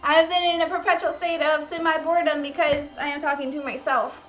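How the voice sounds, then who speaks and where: On a cooking livestream, a woman with a high-pitched, steady, slightly bright voice talks a little fast, bubbling and gushing as she chats with viewers. The audio sounds dull, and faint music can be heard in the background.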